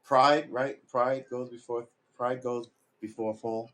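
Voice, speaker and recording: A man's voice: medium pitch, steady tone, unhurried, fairly bright tone. A man chatting casually on a live stream while he practices guitar at home, rambling and mocking himself. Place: room at home.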